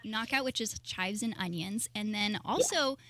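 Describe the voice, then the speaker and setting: A woman's voice: medium pitch, lively intonation, moderate pace, bright, forceful tone. A woman co-hosting a radio chat, listing off food items in an upbeat way. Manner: runs through menu items in an upbeat way.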